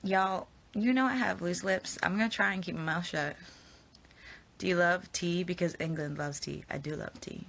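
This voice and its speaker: A woman's voice: fairly low pitch, normal speed, vocal fry, a bit bright. A young woman answering fan questions in a casual, chatty way, giggling and rambling with fillers, recorded on a phone at arm's length. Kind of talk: casual live Q&A chat.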